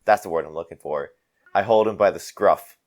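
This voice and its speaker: A man's voice: low-pitched, a little fast, a little mellow. A man casually describing his character's actions as a player, searching for words. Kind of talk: tabletop game play.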